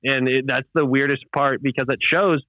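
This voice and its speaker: A man's voice: mid-range voice, steady tone, normal speed, bright, forceful tone, no room sound. A young man, a podcast host, chatting casually in a laid-back, rambling way with lots of fillers and swearing. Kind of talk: casual chat. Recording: muffled lo-fi audio.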